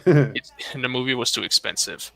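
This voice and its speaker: A man in his twenties, a guest gaming on a casual call, halting and terse. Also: mid-range voice, vocal fry, sharp tone. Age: 20s. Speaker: guest gamer. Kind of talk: casual chat while gaming.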